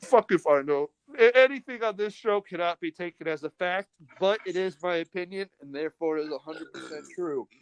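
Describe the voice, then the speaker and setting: A man's voice: high voice, a little fast, few pauses, a little hiss or hum. A young man hosting a podcast, telling stories in a rambling, profane, casual way. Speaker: podcast host. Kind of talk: casual chat.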